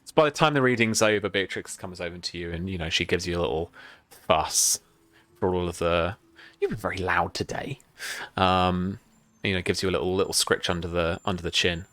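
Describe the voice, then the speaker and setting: A man's voice: sits low, brisk, fairly bright tone. A man as game master of a tabletop game, rambling with many fillers and restarts. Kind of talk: narrating a tabletop game on a stream.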